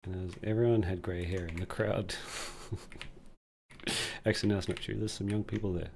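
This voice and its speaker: Guy on a stream just chatting, low voice, bit of fry in it. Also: steady tone, a little fast, darkish tone, a little hiss or hum. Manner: rambling, joking, reads chat aloud. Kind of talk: casual live-stream chat.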